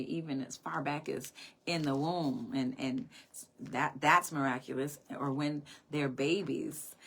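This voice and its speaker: A woman's voice: deep voice, fairly bright tone. A woman telling a personal story in a sermon, earnest and reflective, often repeating her phrases. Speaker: speaker. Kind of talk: sermon-style personal testimony.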